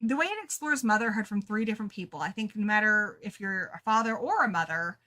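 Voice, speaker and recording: A woman's voice: medium pitch, expressive, fast, pushed and bright. A woman co-hosting a book club chat, talking casually and animatedly and often laughing at herself.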